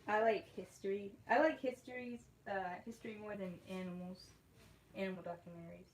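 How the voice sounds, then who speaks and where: Painting while she talks to her viewers, this woman artist speaks at a medium pitch in a steady, somewhat quick tone. Her casual chat wanders, with frequent laughter and restarted sentences, recorded in an echoey space with a little background noise.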